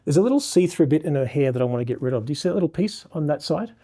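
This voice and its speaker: A man's voice: fairly high pitch, animated, very fast, dark tone. A man with an Australian accent teaching a portrait lighting lesson as he shoots, praising the model and explaining each setting to viewers. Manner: effusive, showering the model with praise. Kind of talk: live instruction while shooting a portrait session.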